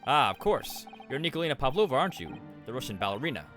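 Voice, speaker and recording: A man reading game dialogue as a polite, courteous young man with a measured manner. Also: medium pitch, big pitch swings, a bit bright, faint music behind. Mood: calm.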